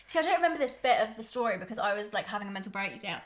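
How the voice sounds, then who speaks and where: A young woman, co-hosting a podcast with quick, joking banter in casual chat. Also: mid-range voice, animated. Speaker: podcast co-host.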